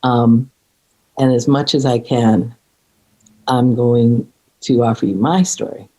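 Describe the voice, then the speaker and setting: A middle-aged woman in a reflective conversation, speaking earnestly and haltingly, with many restarts and fillers. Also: extremely low pitch, steady tone, mellow, rough recording. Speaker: podcast guest.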